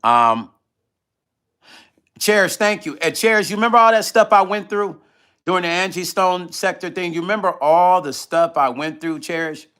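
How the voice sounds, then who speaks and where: A man's voice: high voice, moderate pace, bright, forceful tone, clear, resonant tone. A middle-aged man hosting a casual livestream, reading out viewer comments and talking loosely, often repeating himself, while eating. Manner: loose, conversational, repeats himself when emotional. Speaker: livestream vlog host.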